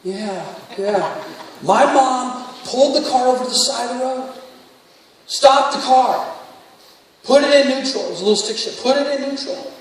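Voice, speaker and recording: A man's voice: extremely high pitch, moderate pace. A man preaching a sermon, telling stories and then rising into fervent exhortation. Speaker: pastor. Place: large church sanctuary. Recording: distant echoey hall, faint room noise.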